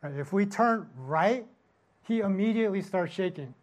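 Here the pastor is a middle-aged man whose high voice is expressive and moves at normal speed. Storytelling through a conversational sermon, he keeps asking "right?" after nearly every line.

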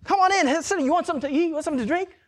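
A man voicing a possessed man who talks like a loud, over-friendly used car salesman. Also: very high-pitched, very fast, voice pushed up. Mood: gushing.

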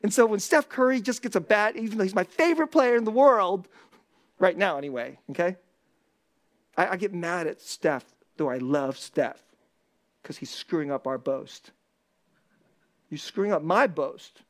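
A man preaching a sermon as pastor, intense and laughing often, dropping into low asides and rising to loud bursts. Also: normal speed.

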